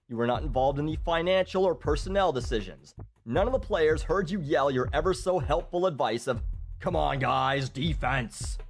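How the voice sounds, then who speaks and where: A man's voice: fairly high pitch, lively intonation, fairly quick, faint music behind. A man telling a comedic story in a dry, sarcastic, profane way.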